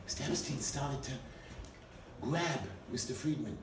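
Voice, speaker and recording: A man giving a speech at a party, telling a dramatic story with an animated delivery. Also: medium pitch, measured pace, a little hiss or hum. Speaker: speaker at a party. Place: event hall. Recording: echoey hall, mic from far off.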